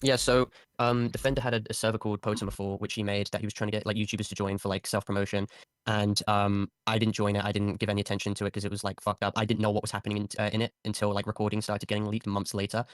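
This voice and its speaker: A man's voice: fairly low pitch, clean tone, no echo, studio quality. A man talking casually on a call, defending himself in a blunt way, with lots of ums and some swearing. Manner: rapid, flat delivery with many ums. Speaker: online creator answering accusations.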